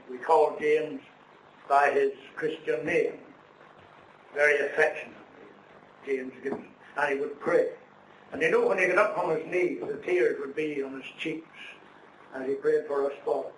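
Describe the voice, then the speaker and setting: A man's voice: a little high, fairly bright tone. Earnest middle-aged male preacher, echoey hall. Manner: earnest storytelling with preacherly emphasis. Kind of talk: sermon testimony. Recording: echoey room, distant mic, faint noise.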